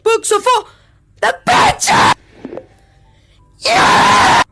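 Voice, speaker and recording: A woman playing a VR game and yelling brash, profane commentary, often breaking into meows. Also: very high voice, big pitch swings, takes it slowly, music in the background. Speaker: VR gamer. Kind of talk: let's-play commentary. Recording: audible background noise.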